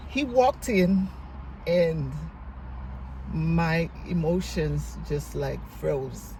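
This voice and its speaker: A woman's voice: low voice, very slow, gravelly, dark tone, a little hiss or hum, poor audio. A middle-aged woman vlogger tells a family reunion story in a heartfelt way, sometimes tearful, and acts out what each person said. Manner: heartfelt, tearful at times, retells dialogue; gives faith-based encouragement. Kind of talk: emotional storytelling vlog.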